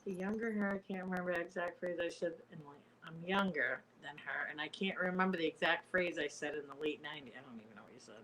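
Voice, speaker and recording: A woman's voice: sits low, fast, few pauses, a bit bright, slight background noise, low-quality recording. A woman hosting a casual live stream, talking in a bubbly way, swearing casually and laughing often. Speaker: host.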